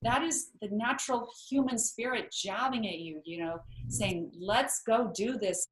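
A woman as an interview guest, speaking earnestly and warmly about personal growth. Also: on the high side, unhurried, low-quality recording. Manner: warm, earnest and inspirational. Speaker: guest author. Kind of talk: interview talk.

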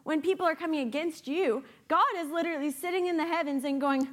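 A woman giving a sermon as a guest preacher, animated and playful, with sarcastic asides. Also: high voice, quick pace, few pauses.

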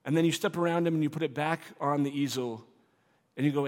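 A man's voice: fairly high pitch, fast, a little mellow. Earnest male preacher in a reverberant hall. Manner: earnest, repetitive preaching, swelling to emphatic. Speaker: pastor. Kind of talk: sermon.

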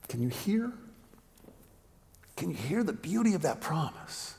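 Pastor, male, fairly high gravelly voice; storytelling sermon with rhetorical questions and hushed moments, long hall reverb. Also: big pitch swings, a little slow, pauses often.

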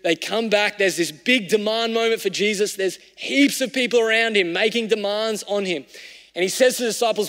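Male pastor, high-pitched, conversational sermon delivery with big swings from emphatic to hushed, recorded in an echoing hall. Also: a little fast. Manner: conversational, shifting between raised emphasis and hushed reflection. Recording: long hall reverb.

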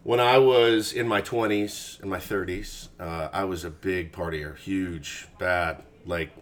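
A man in his forties in casual chat as a podcast guest, an animated storyteller who swears freely and acts out quotes. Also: sits low, a little slow.

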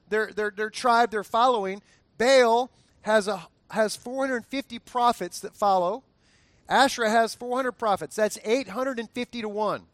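A man delivers a sermon in a high voice, recorded dry and close. He is chatty and humorous, often tripping over and repeating his words, and asks the congregation to answer aloud. His delivery is animated and conversational. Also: dry recording. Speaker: pastor.

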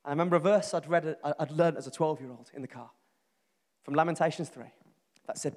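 A man's voice: on the high side, brisk, darkish tone. Earnest man preaching in a hall. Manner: earnest, emphatic, builds lists and repeats phrases. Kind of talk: sermon. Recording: long reverb from a large hall.

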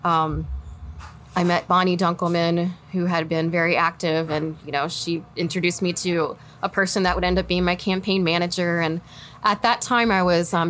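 A woman in her forties with a Midwestern American accent, speaking in a slightly low voice. She tells her story in a relaxed interview, with lots of laughter and acted-out lines for the people she quotes. A faint hum sits under her voice. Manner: animated, laughs often, acts out quoted friends. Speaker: political candidate guest.

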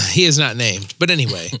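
A man's voice: medium pitch, vocal fry, bright, forceful tone, a little hiss or hum. A man co-hosting a casual podcast, answering in a laid-back, hesitant way and often trailing off. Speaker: podcast co-host.

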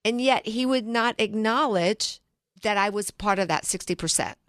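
A woman's voice: mid-range voice, normal speed, a bit bright, no room sound, clean studio sound. A middle-aged woman, a financial planner hosting a radio talk show, telling stories earnestly and restarting her sentences.

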